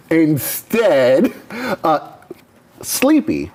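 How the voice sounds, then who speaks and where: A man narrates his board game turn out loud, weighing each move before committing to it. He speaks slowly and drags out his phrases, yet his pitch stays lively and varied throughout. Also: a little hiss or hum. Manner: deliberate, thinks aloud over his moves. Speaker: co-host. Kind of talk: casual chat while playing a board game.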